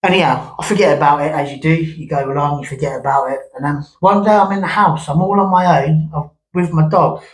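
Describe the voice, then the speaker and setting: A man's voice: fairly high pitch, fairly quick, few pauses, rough recording. A man with a slightly raised speaking voice tells a ghost story about his old family home. He rambles and circles back, restarting sentences and adding casual asides as he goes. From England. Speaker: vlogger.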